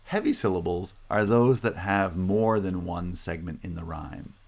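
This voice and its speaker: Deep gravelly-voiced male linguistics lecturer. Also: animated, darkish tone. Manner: explanatory, repeats example words slowly, frequent "right?" checks. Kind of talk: recorded university lecture.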